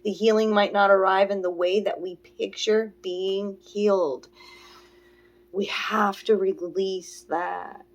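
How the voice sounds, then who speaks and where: Woman, oracle card reader, earnest, rambling, soft slow affirmations, middle pitch. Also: fairly even intonation, highs cut off. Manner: meandering and earnest, full of "you know" and "okay?". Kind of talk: spiritual oracle reading to camera.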